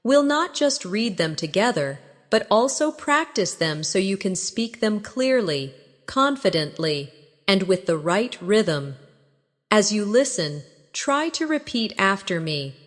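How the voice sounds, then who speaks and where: A woman narrates a scripted English lesson at a slow, unhurried pace. Her delivery is patient and encouraging, and she models phrases for the listener to repeat. A long reverb trails after her voice. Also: medium pitch, big pitch swings. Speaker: English teacher.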